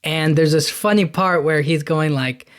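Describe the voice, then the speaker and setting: A man hosting a podcast, casually retelling a film's plot in a rambling, enthusiastic way, slipping into quick quoted lines. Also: fairly high pitch. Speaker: podcast host. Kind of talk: casual movie recap.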